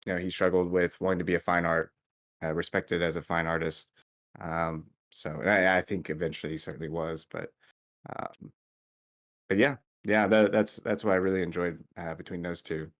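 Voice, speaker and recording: A man talking as a guest artist in a casual interview over a call, halting with many fillers and restarts. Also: deep voice, little pitch movement, a bit bright. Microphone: remote call audio.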